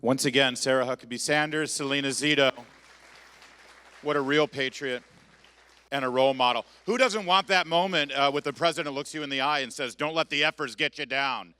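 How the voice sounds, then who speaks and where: A man emceeing a conference from the stage, jokey and brisk as he announces a break and the next speakers. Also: medium pitch, sharp tone, clear, resonant tone. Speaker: event emcee.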